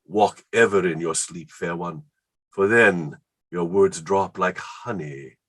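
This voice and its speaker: A man reading the part of an excitable, word-smitten Elizabethan poet in a staged play reading, rhapsodic and quick to laugh. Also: sits low, husky, exaggerated voice. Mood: rapturous.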